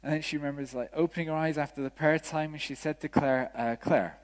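A man's voice: on the high side, fast talker. Man preaching in a reverberant church. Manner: storytelling, animated quoting of others. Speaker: vicar. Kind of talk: sermon. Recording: church hall with long reverb.

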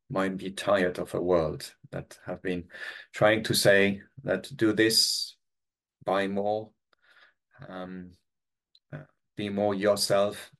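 A man leading a church prayer meeting over a video call, talking in a halting, reflective way with many restarts. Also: sits low, vocal fry, a bit bright.

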